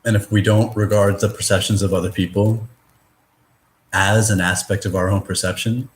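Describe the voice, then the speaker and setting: Rambling man, halting casual talk. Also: fairly low pitch, level tone, a little hiss or hum. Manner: rambling, halting, many fillers and restarts; swears casually. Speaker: discussion participant. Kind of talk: casual conversation.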